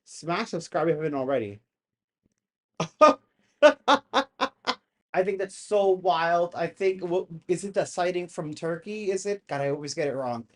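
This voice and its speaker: A YouTube host giving excited, casual commentary on videos, chatty and easily worked up, saying "y'all". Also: medium pitch, brisk, hardly any pauses. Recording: noticeable background noise.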